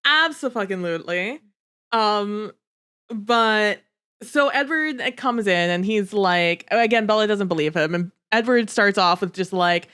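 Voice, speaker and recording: Chatty woman with a smooth voice. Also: medium pitch, measured pace. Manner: chatty, animated, acts out characters' lines, swears casually. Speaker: podcast co-host. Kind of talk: casual book discussion podcast.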